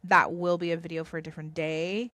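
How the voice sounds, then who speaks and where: A woman's voice: fairly low pitch, level tone, brisk, fairly bright tone, no room sound. A woman vlogger talking to camera about spirituality in an earnest, reassuring, rambling way. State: tearful. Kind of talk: casual spiritual talk to camera.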